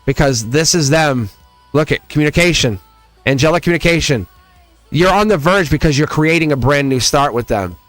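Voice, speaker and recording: Animated man giving a live tarot reading. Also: fairly high pitch, moderate pace, no echo, faint music behind. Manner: animated, chatty, laughs often, talks straight to viewers. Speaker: tarot reader and live stream host.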